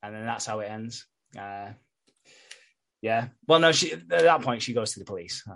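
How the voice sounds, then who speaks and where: A man's voice: fairly low pitch, lively intonation, normal speed, vocal fry, a bit bright, a little hiss or hum. A man co-hosting a podcast, casually recapping a soap with plenty of swearing and laughter. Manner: sweary, laughing, retells scenes with quoted voices. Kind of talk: casual chat.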